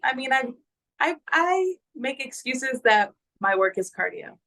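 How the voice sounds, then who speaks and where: A woman's voice: sits high, big pitch swings, unhurried, gravelly, pushed and bright, low-quality recording. A woman talking casually as a guest in a fitness check-in, telling stories with lots of fillers. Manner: chatty, storytelling with fillers. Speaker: guest, fitness group member. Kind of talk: casual conversation.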